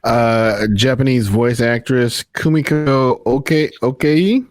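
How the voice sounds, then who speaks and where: A man's voice: mid-range voice, slow pace, no room sound, studio quality. A man hosting a casual podcast in a laid-back, easygoing way. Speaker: podcast host.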